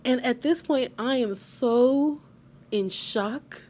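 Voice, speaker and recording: A woman chatting casually to her viewers as she tells a personal story, lively and laughing often. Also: high voice, slow. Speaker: vlogger telling a personal story.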